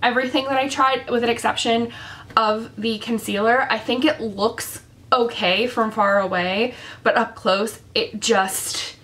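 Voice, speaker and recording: A young beauty vlogger talks directly to the camera in a casual product review of makeup. Her voice is fairly high, fairly even, a bit bright, and a little slow, though it sounds worn and sick. She chats away with lots of ums and likes.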